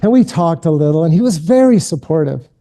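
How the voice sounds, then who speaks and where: In a keynote, a middle-aged man working as a spiritual director guides listeners through contemplative prayer and then lectures. His delivery is gentle, invitational, and self-deprecating, with a fairly high, animated voice at a brisk pace.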